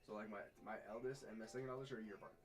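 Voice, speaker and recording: Jeune homme, conteur animé. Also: male voice, fairly low pitch, racing, rough recording. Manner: animated storyteller, laughs often. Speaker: host. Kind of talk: casual chat.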